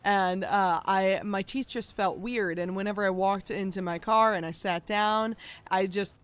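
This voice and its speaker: A woman streamer in casual chat, rambling through a long story with loose swearing and sudden loud, excited bursts. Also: mid-range voice, measured pace, smooth.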